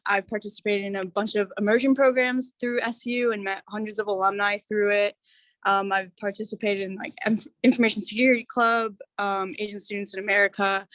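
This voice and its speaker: A woman in her twenties from New York State, a student running briskly through her activities on a video call. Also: mid-range voice, fairly bright tone, no room sound. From Syracuse, New York. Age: 20s. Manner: brisk, list-like rundown. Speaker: student panelist. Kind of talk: casual video call chat.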